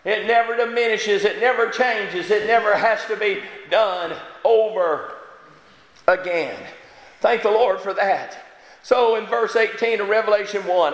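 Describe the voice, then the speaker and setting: A man preaching with a high, bright voice that rings through a large echoing hall. He talks in fervent bursts, scattering amens and halting "uh"s between phrases. The long reverb trails after each line. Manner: fervent, punctuated with frequent amens and halting fillers. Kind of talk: sermon.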